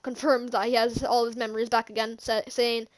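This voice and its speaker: A woman's voice: fairly high pitch, level tone, a little fast. A woman recapping a movie in a casual, rambling way, laughing often and restarting her sentences. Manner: rambling, giggly, many restarts. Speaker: movie reviewer.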